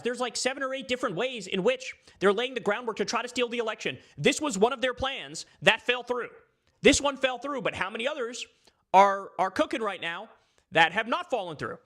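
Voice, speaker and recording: A man's voice: very high voice, bright, forceful tone. A man in his thirties giving live political commentary, emphatic and swearing freely as he rants. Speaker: political streamer.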